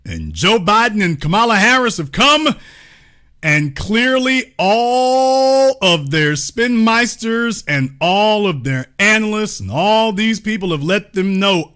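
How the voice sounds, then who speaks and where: Bright, animated man hosting commentary. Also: high-pitched, takes it slowly. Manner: grandiose, sarcastic and preacher-like. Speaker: host.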